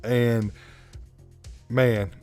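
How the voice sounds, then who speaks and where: A man with a thick South Carolina accent gives a casual movie review in a blunt, profane, opinionated way. His voice sits at a middle pitch with a mellow, warm tone. Faint music plays behind him. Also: little pitch movement, very slow, dry recording.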